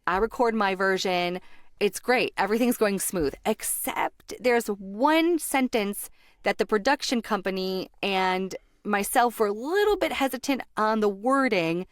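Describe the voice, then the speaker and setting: A woman's voice: mid-range voice, lively intonation, unhurried, no echo, studio quality. Bubbly American woman telling a story. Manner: bubbly, laughs through the story. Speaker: voice actor sharing a story. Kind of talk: casual storytelling.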